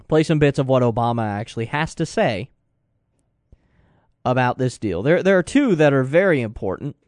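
A man's voice: mid-range voice, darkish tone, no echo, clean studio sound. A man hosting a talk radio show, giving impassioned political commentary that rises to indignant outbursts. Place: radio studio.

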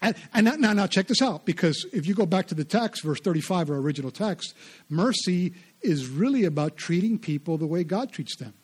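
A male pastor with a fairly high, husky voice delivers a sermon. He speaks in an animated, conversational way and repeats words for emphasis. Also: a little fast. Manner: animated preaching, repetitive and conversational.

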